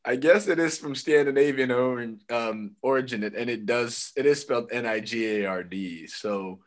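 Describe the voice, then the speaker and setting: A man's voice: mid-range voice, normal speed. A young man co-hosting a casual chat, laid-back and joking, laughing often. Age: young adult. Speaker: podcast co-host and stand-up comic.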